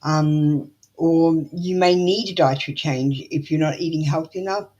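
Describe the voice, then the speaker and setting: A woman's voice: low-pitched, fairly even intonation, normal speed, mellow, dull audio. A middle-aged woman with an Australian accent doing a live tarot reading, blunt, motherly and swearing freely. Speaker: tarot reader.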